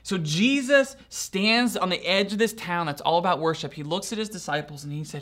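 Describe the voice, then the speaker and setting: A man's voice: sits high, normal speed, a bit bright. Conversational male pastor preaching. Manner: conversational, informal teaching. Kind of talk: sermon.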